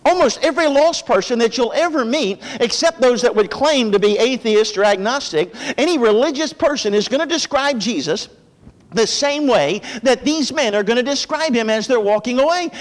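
A man preaching a sermon with impassioned delivery, praying softly and rising with fervor as he expounds Scripture. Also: animated, normal speed, long reverb tail. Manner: impassioned preaching, drops low for prayer. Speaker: pastor.

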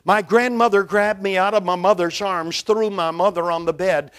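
Emphatic high-voiced older preacher. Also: male voice, fairly even intonation, moderate pace, smooth. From Brooklyn, New York. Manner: emphatic, dramatic swings in loudness. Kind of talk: sermon. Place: church, behind a pulpit.

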